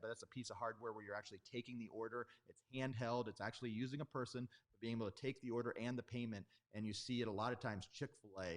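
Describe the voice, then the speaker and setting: A man speaking as a guest expert in an interview, explaining things in an animated, rambling way with frequent self-corrections and asides. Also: lowish voice. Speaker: restaurant technology guest expert. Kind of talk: conversational explaining. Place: Atlanta.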